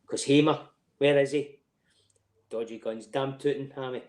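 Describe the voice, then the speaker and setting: A middle-aged man with a broad Scottish accent, yarning in casual chat, swearing often and laughing through his own tales. His voice sits at an ordinary middle pitch. The room around him is roomy and echoey. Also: fairly even intonation, normal speed, darkish tone. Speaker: podcast guest.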